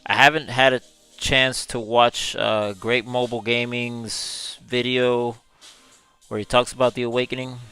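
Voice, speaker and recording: Guy streaming a game, clean smooth voice, chatty, laughs a lot reading chat. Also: mid-range voice, a bit bright. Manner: chatty, reads chat aloud, laughs often. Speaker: gaming streamer. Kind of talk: live gameplay commentary.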